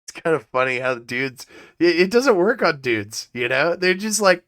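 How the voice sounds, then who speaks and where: A man's voice: high-pitched, animated, normal speed, a bit bright, dry recording, studio quality. A man hosting his own podcast, telling stories in a rambling, profane way and laughing often. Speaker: podcast host. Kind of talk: casual comedic podcast talk.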